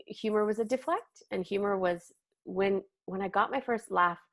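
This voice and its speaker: A woman in her thirties, a comic actor and podcast guest, telling candid stories in an animated way and swearing casually. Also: medium pitch, normal speed. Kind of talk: casual interview chat.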